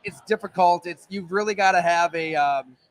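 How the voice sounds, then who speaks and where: A man's voice: high-pitched, moderate pace, dry recording, rough recording. A sports journalist, a man, chatting on a live podcast in a pizza bar, telling stories full of asides. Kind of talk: casual chat.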